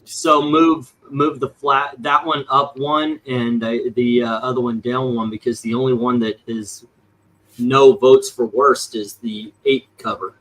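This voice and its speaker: A man's voice: medium pitch, flat delivery, a little slow, fairly bright tone, low-quality recording. Regular-voiced guy counting up votes, plain and practical. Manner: tallies votes, practical, trailing off. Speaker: panelist. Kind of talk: casual group discussion.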